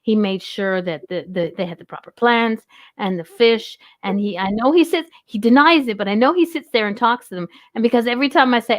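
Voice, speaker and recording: A woman's voice: on the high side, a little fast, no room sound. A woman hosting a casual chat, rambling along with frequent restarts and reading viewer questions. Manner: chatty, rambling, with many restarts. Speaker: host.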